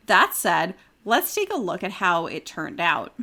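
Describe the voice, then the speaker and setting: A woman's voice: fairly low pitch, very animated, measured pace, bright, forceful tone. A woman podcast host reading a review aloud in a casual chat, now and then breaking into giggles.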